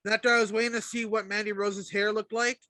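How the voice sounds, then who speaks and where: Laid-back high-voiced man, dry sound. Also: little pitch movement, fast talker, sharp tone, dry recording. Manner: laid-back, agreeable, slangy. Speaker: podcast co-host. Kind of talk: casual wrestling podcast chat.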